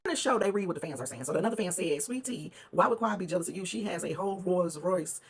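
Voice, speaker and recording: A host chatting through a reality TV reunion recap, gossipy and animated, quoting cast members in quick asides. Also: mid-range voice, creaky, breathy edge.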